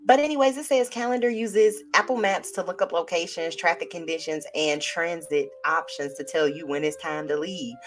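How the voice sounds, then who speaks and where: A woman hosting a live tarot stream, chatting casually and lively with her viewers. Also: fairly low pitch, normal speed, hardly any pauses, slight background noise. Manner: lively, chatty, talks to viewers as y'all and child.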